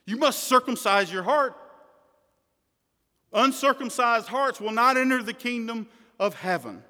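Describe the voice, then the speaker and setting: A man preaching a sermon, emphatic, swinging from hushed words to loud declarations. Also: extremely high pitch, lively intonation, unhurried. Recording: long hall reverb.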